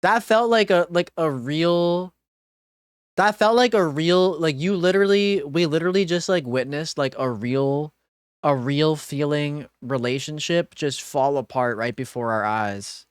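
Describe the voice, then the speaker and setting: A woman's voice: low voice, measured pace, smooth, dry recording, clean studio sound. A woman streamer giving live gaming commentary, reading dialogue choices aloud and swearing in dismay.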